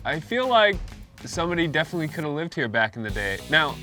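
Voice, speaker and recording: Dry teasing guy, travel vlog cohost, slightly high voice, faint music behind. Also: very animated, quick pace, pushed and bright. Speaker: travel show co-host. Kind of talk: casual banter and sign-off.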